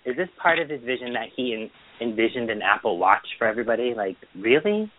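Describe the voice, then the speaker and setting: A man's voice: mid-range voice, lively intonation, quick pace. A man co-hosting a casual chat show, giving blunt, grumbling opinions. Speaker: podcast co-host. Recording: tinny phone-line sound.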